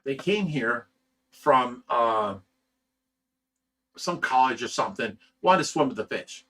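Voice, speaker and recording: A man's voice: medium pitch, lively intonation, slow pace, fairly bright tone, distant mic. A man hosting a livestream, chatting casually and reading viewer comments in a blunt, rambling way, swearing freely. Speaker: livestream host reading chat.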